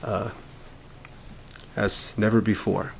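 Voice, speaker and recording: A man leading a camp prayer meeting, speaking in an informal, halting sermon style with restarts and growing fervor. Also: fairly low pitch, flat delivery, creaky, slight background noise, low-quality recording.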